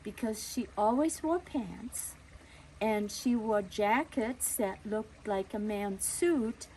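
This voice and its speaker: A woman telling a story from her childhood in a gentle, conversational way, with small fillers and restarts. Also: on the high side, slight background noise, low-quality recording.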